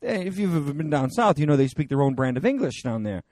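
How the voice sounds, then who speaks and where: A male pastor preaching a conversational sermon, animated and digressive, with many fillers and restarts. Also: on the high side, quick pace, no room sound.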